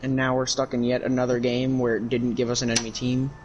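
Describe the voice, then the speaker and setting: A man's voice: mid-range voice, monotone, fast talker, muffled recording, noisy background. A man streaming a video game, ranting about it in profane, frustrated commentary. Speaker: gaming streamer. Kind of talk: casual livestream commentary.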